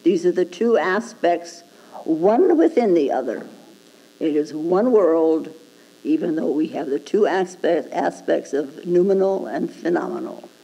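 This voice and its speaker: A woman's voice: deep voice, expressive, unhurried, creaky, warm tone, low-quality recording. A woman Zen teacher giving a dharma talk, prodding her listeners with rhetorical "hmm?" questions and chuckling at her own points.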